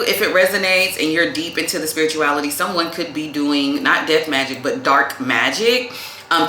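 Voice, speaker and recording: A woman with a low but bright, forceful voice reads tarot cards in a loose, chatty way. She calls the listener "baby" and fills her talk with "like". The sound bounces around an echoey room. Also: a little hiss or hum. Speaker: tarot reader. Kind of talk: casual tarot reading to camera.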